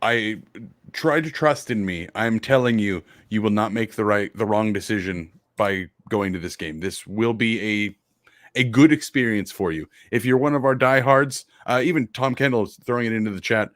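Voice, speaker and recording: A man's voice: lowish voice, moderate pace, a bit bright, dry recording, studio quality. A man co-hosting a college football podcast, talking casually and urging listeners with profane enthusiasm. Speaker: podcast co-host. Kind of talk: casual sports podcast chat.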